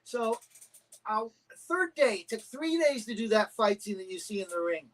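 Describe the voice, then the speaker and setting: Animated middle-aged man telling stories. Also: high voice, normal speed, rough recording. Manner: animated anecdotes with acted-out quotes. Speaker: guest, karate champion and stuntman. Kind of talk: casual storytelling interview.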